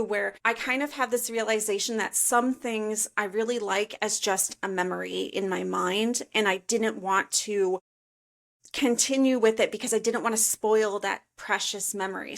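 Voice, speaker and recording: A woman's voice: medium pitch, creaky. Chatty woman telling a travel story. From suburbs of Chicago, USA. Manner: animated storyteller, many fillers like "like" and "you know". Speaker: podcast guest, author. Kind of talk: casual interview chat.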